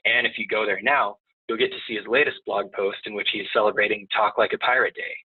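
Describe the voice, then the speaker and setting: Low-voiced guy introducing a webinar speaker, sounds like an old phone line, kinda husky. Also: fairly even intonation, fast. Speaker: chapter host.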